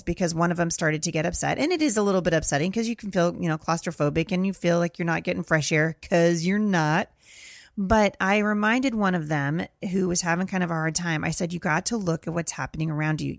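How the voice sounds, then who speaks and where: Lady podcaster, kinda low fry-ish voice, just chatting earnestly. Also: dry recording, studio quality. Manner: earnest, conversational storytelling. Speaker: podcast host. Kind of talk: casual commentary monologue.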